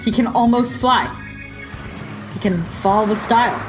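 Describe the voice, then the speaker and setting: A woman's voice: fairly high pitch, a little slow, over music, poor audio. A woman hosting a reaction video, giving casual, sarcastic commentary with frequent giggles.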